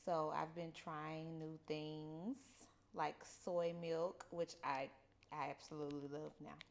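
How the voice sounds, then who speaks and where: A woman co-hosting a podcast, chatting in an unhurried way that trails off softly. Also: low voice, level tone, vocal fry. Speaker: podcast co-host. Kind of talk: casual chat.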